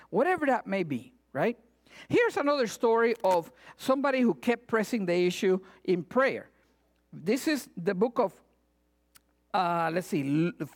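A woman preaching a sermon, retelling scripture with animated asides and acted-out cries. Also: on the high side. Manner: animated, acts out voices and cries.

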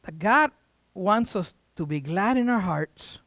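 Animated storytelling preacher man. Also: sits high, measured pace, dry recording. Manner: animated, conversational, with sound effects and asides. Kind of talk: sermon storytelling.

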